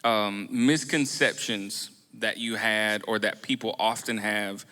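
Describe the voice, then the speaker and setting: A man's voice: fairly low pitch, fairly even intonation, slow pace, bright, forceful tone. A man moderating a Q&A panel, reacting casually before moving on to the next question. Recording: echoey hall with long reverb.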